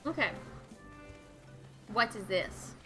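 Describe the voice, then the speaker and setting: A woman host giving animated, playful let's play commentary, chatting to the game's characters. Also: medium pitch, takes it slowly, faint music behind. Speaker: gaming channel host.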